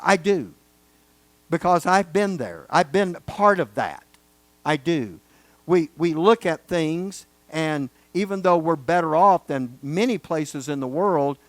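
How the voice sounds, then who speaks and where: A man's voice: on the high side, no echo. A man teaching a Bible study lecture, talking casually and then stressing key words with rising force. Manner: emphatic, building to loud stresses on key words.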